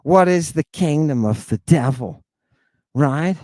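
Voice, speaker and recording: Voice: medium pitch, animated, slow, warm tone, no room sound. A lecturer and host giving a livestreamed lesson on ancient Greek words, emphatic and blunt, checking in with constant rhetorical questions. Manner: provocative and blunt, with exclamations.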